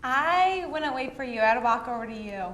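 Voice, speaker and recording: A woman's voice: high-pitched, animated, normal speed, a bit bright. A young woman answering questions as a bachelorette contestant on a comedic dating game show, forward and playful.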